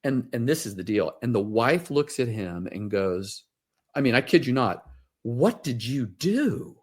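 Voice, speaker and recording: A man's voice: fairly low pitch, moderate pace. A middle-aged man, a wealth advisor, telling stories in a casual interview, rambling with many fillers.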